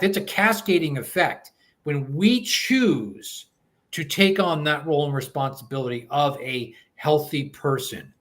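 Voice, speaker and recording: A man's voice: fairly high pitch, fairly bright tone. A man co-hosting a talk show, speaking in a preachy, motivational way that often repeats itself. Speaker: co-host. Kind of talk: casual chat.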